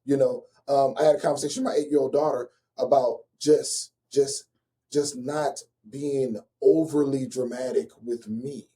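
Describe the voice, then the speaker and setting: A man in his forties, a relationship coach, telling personal stories in an earnest, animated conversational way. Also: mid-range voice, normal speed, distant mic. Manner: earnest, animated, addresses listeners directly. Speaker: guest, relationship coach and author. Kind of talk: candid conversational storytelling.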